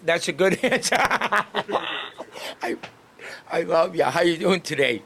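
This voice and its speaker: A man's voice: a little high, lively intonation, slow pace, fairly bright tone, husky. A man working as a street greeter and podcast host, chatting casually and cheerfully with passersby outdoors on a town street and laughing often.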